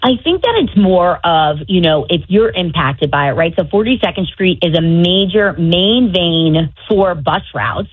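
Husky woman reporter on a phone line. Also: on the low side, measured pace, few pauses, dry recording. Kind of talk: remote radio report.

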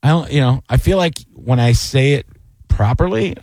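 A male co-host chatting casually, his pitch jumping around as he rambles through a story. He is full of fillers, and the sound is dry and close. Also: lively intonation, moderate pace, a little mellow, no echo. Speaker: co-host, comedian. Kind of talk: casual chat.

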